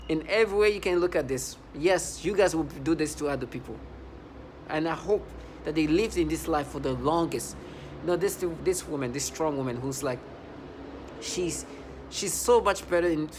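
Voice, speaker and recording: A vlogger with a voice on the high side rants to the camera in a heated, rambling monologue. He keeps restarting and breaking off phrases mid-thought. There's slight background noise.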